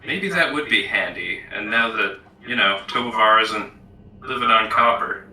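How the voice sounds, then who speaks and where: A man chats as a player in a tabletop game, hesitant and thinking out loud. His voice is very bright and edgy. He sits back from the mic, so the sound is roomy. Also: lowish voice, moderate pace, distant mic, slight background noise. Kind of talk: casual game chat.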